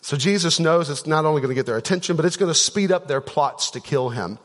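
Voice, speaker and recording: Chatty pastor in a reverberant hall. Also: male voice, a little high, fast. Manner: conversational, storytelling with filler words and restarts. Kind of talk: sermon. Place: church auditorium. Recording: long church-hall reverb.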